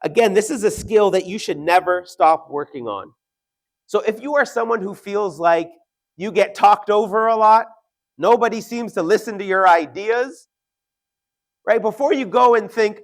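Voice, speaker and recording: A man giving an earnest motivational talk to an audience, slowing down to stress key points and often checking in with "right?". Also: high voice. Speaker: motivational speaker.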